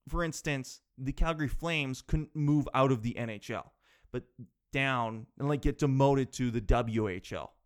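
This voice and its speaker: A man's voice: medium pitch, measured pace. Rambling guy chatting casually. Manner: rambling, animated, rhetorical questions, swears. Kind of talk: casual chat.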